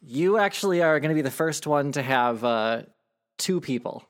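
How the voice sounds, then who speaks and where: A man's voice: on the high side, animated, normal speed. A man acting as game master, explaining rules casually and swearing now and then. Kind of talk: running a tabletop game.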